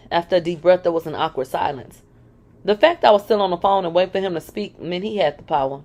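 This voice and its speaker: A woman's voice: on the low side, moderate pace, a little mellow. A woman reading a first-person memoir aloud, candid, and breaking in with sarcastic asides. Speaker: reader of a memoir.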